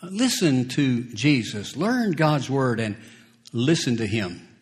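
A man preaching a sermon, slow and deliberate, who chuckles between points and acts out scripture quotes. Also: mid-range voice, sing-song.

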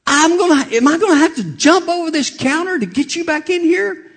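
A man voicing a bubbly, excitable woman receptionist who talks loudly and squeals, with a husky voice. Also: sits high, a little slow, voice pushed up, heavily acted. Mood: excited. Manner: loud, squealing, gushing.

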